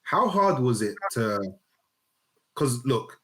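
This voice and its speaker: A man hosts a laid-back interview with a mid-pitched, ordinary voice. His questions come out eager and conversational, full of loose asides. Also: big pitch swings, takes it slowly, a bit bright, slight background noise. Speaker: interviewer, host. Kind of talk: casual interview.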